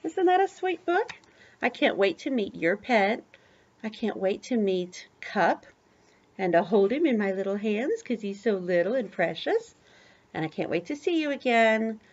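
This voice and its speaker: An older woman, a grandmother, reading a picture book aloud to a small child, animated, with gasps and asides to the child. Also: mid-range voice, normal speed, lo-fi sound. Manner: animated, gasping, talks to the child between pages. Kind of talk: storybook read-aloud to a child.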